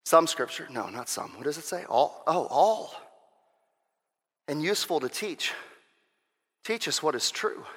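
A man preaching a sermon with impassioned delivery, swinging between shouted exhortations and quieter teaching and firing off repeated rhetorical questions. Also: fairly high pitch, sing-song, a little slow, pauses often, slightly rough. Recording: long hall reverb.

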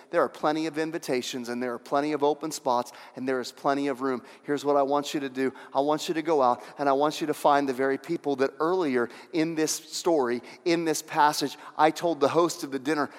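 A man preaching with a fairly high voice, pressing his points by repeating them and moving from quiet intensity to loud calls. His voice rings out with a long reverb, as in a church sanctuary. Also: steady tone, brisk, few pauses. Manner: emphatic, repeats lines for effect, swings from hushed to shouting. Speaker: pastor. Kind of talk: sermon.

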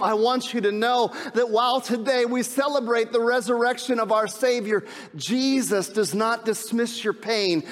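A man preaching a sermon as pastor, swinging from urgent, loud appeals to hushed, slow emphasis and repeating key phrases. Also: sits high. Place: church sanctuary. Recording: long hall reverb.

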